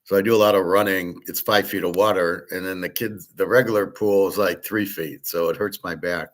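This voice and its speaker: A middle-aged man hosting his own show, talking in a loose, digressive monologue full of restarts and filler words. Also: low voice. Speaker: host. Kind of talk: rambling casual monologue.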